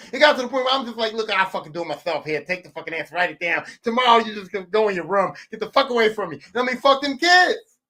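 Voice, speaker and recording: A man's voice: high voice, bright, forceful tone. A man, hosting a podcast with a profane, comedic rant that repeats lines for emphasis. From West Philadelphia. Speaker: podcast host.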